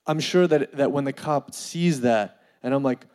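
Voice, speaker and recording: A man telling a funny personal story in an animated way, full of fillers and laughing as he goes. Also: fairly high pitch, a little fast, hardly any pauses. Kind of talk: comedic storytelling.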